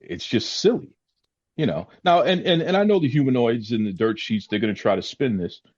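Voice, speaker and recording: A man hosting a podcast who talks earnestly in casual chat, lecturing his point and jumping high when he mocks someone. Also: lively intonation, moderate pace, a little mellow. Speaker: podcast host. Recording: dull lo-fi audio.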